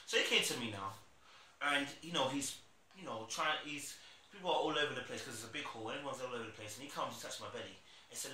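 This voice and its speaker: Animated young man telling a faith story. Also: medium pitch, quick pace, slight background noise. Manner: animated storytelling, acting out his past self. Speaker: Christian vlogger. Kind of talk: casual testimony monologue. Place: room at home. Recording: echoey room with faint ambience.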